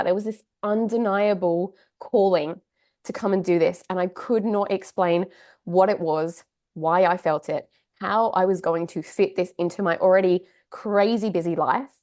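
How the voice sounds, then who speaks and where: A woman in her thirties tells her own story as a podcast guest. Her voice sits at an ordinary middle pitch. She talks candidly and chattily, and her delivery is heartfelt. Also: a little mellow. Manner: candid, chatty, heartfelt, with laughs and side asides. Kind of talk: casual personal storytelling.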